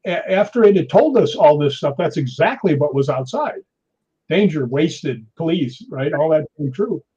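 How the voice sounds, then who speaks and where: A middle-aged man telling a ghost story in a casual interview, animated, often tagging his lines with "right?". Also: a little high, moderate pace, breathy edge. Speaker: guest. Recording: dull lo-fi audio.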